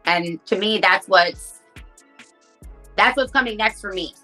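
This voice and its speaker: A woman's voice: medium pitch, unhurried, bright, forceful tone, faint music behind. A woman rapper, telling stories candidly in a casual interview, swearing often and saying "like" a lot. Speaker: rapper guest.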